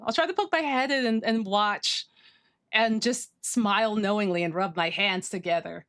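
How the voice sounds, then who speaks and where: A woman livestreaming, chatting casually with her viewers, gushing and excitable as she reads chat. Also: mid-range voice, normal speed. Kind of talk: casual stream chat, reading chat.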